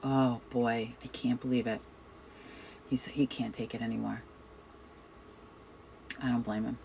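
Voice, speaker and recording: A middle-aged woman from Chicago with a New York accent, hosting a casual chat in a loud, fast, profane way. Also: a bass voice, level tone, creaky, slight background noise, low-quality recording. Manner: loud, fast, swears a lot. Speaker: host of a witchcraft chat.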